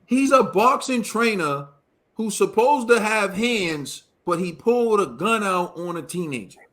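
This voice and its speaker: A man's voice: high voice, expressive, a little slow, fairly bright tone. A man hosting a boxing talk show, ranting emphatically with slang and lots of repetition. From United States. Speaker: boxing podcast host. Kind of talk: heated casual commentary.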